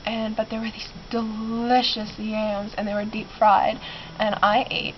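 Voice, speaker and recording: A woman's voice: a little high, little pitch movement, unhurried. A teenage girl who is sick, rambling and giggling through a casual vlog from her bedroom, with many ums. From Canada. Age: teens. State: sick, clearing her throat. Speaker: vlogger. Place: bedroom in a basement. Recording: muffled lo-fi with clear background noise.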